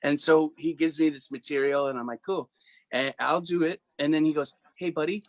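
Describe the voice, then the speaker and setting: Musician guy talking on a show, tells stories doing everyone's lines, kinda high pitched, close dry sound. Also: brisk, no echo. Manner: animated storyteller, acts out quotes. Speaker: guest musician. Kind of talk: casual chat.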